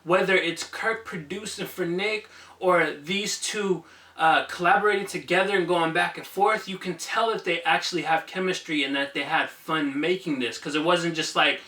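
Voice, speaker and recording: Bright-voiced male music reviewer, echoey room. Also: high voice, normal speed, far from the mic. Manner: enthusiastic, conversational, some fillers. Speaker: music reviewer, channel host. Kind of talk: casual spoken album review. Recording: echoey room, voice a bit off-mic.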